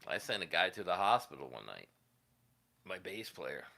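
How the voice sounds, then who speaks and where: A man's voice: low-pitched, sing-song, normal speed, creaky, sharp tone. A man hosting a casual livestream, telling rambling, profane stories from his years as a musician and laughing at them. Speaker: livestream host, guitarist.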